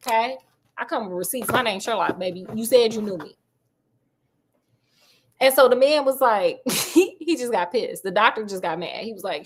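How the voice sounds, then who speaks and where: A woman's voice: a little high, lively intonation, moderate pace, pauses often. A woman storyteller retelling a classic detective tale in a chatty, slangy way, talking straight to her listeners.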